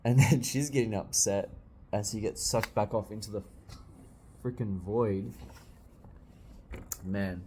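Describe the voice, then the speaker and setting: A young man reading a manga aloud and reacting, excitable, swearing often and bursting into loud exclamations. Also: lowish voice, slow, long pauses, slight background noise. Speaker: manga reviewer.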